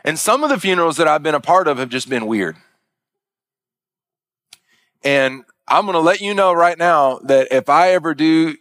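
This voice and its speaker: A middle-aged man, a pastor, telling a story in a sermon with many halting restarts. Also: fairly high pitch, a bit bright, no echo.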